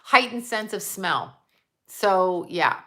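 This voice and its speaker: A woman psychic medium chats on a casual livestream, reading viewer comments aloud and answering each one. Her voice is bright and sharp-edged and sits at an ordinary pitch. She talks bluntly, swears often and wanders off into asides. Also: expressive, takes it slowly. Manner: blunt and profane, rambling asides; reads out comments and answers them in turn.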